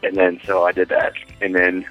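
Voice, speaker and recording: A man's voice: low voice, completely flat delivery, moderate pace, muffled recording, faint music behind. A man in his twenties, a podcast guest, telling a long rambling story in casual, profane chat with frequent laughs.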